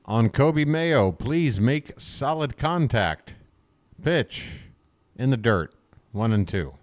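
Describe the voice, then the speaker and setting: A man calls a baseball game live for a stream in a mid-range voice. He wisecracks and chats with his viewers between pitches, switching easily from the count to the banter. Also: very animated, slow pace. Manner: chatty, wisecracking, talks to viewers in chat. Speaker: fan play-by-play commentator.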